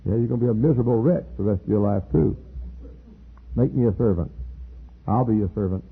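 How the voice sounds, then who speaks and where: Older preacher, husky, tinny archive recording. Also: male voice, quick pace, long pauses. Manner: animated preaching with sudden high-pitched quoted voices. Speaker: pastor. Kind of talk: sermon.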